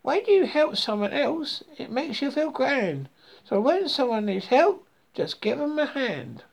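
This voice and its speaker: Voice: sits high, very animated, unhurried, vocal fry, voice pushed up, heavily acted. A reader voicing a grateful, cheerful male frog in a children's storybook, eager and bouncy.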